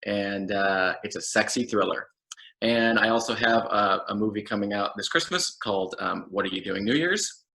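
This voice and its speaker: A man, an actor and guest, telling an absurd comedic story in a rambling, deadpan way with fillers and restarts. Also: lowish voice, moderate pace, vocal fry.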